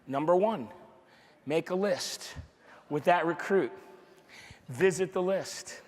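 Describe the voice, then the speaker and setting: High-voiced man giving a rousing talk in a hall. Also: measured pace, pauses often. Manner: energetic and repetitive, drives points home with rhetorical questions; acts out dialogue in quoted voices. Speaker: sales team leader giving a motivational training talk. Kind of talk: motivational speech to a live audience. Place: large room with an audience. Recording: long hall reverb from a live event.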